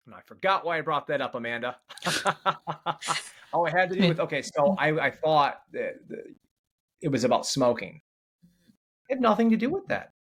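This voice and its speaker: A man's voice: on the high side, big pitch swings, normal speed, fairly bright tone, slight background noise. A man, a podcast guest, telling long stories in casual interview talk, rambling and restarting, often checking in with "right?". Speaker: podcast guest, change coach.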